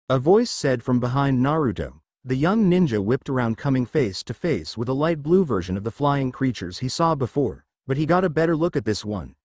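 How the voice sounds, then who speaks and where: A man reads a fan-written story aloud with steady, expressive narration. His intonation moves in a lively way around a middle pitch. The audio is dry, with no room echo. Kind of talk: fanfiction reading.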